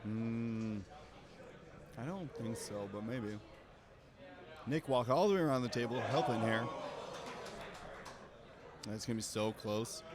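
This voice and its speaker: A man co-commentating a tabletop game match live, analytical and quick to weigh in. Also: mid-range voice. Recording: busy crowd chatter behind.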